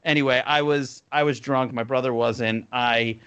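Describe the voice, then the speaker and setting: A New Jersey man in his thirties, a cartoon creator guesting on a podcast, tells stories in a loose, rambling way packed with fillers. His voice sits at medium pitch with fairly even intonation and a normal pace, and the tone is fairly bright, clear and resonant.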